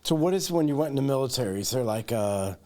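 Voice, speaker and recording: A man's voice: mid-range voice, expressive, a little mellow. Man hosting a casual interview. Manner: short prompts and quick agreements. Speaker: podcast host.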